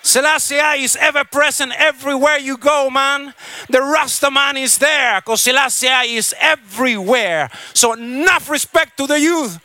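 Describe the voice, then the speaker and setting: A man from Chile acting as stage MC at a reggae festival, shouting hype call-outs and blessings into a stage mic on an outdoor stage. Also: very high voice, moderate pace. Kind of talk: live stage announcing.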